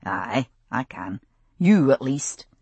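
A woman's voice: rumbling low, very animated, takes it slowly, breathy edge, no room sound, voice pushed down, exaggerated voice. A woman doing a sleepy, teasing Scottish man. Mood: drowsy teasing. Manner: drowsy, wry, gently teasing.

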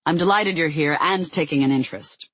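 A narrator doing a booming, genial older businessman. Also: a little fast, a bit bright, no room sound, lightly acted. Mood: hearty.

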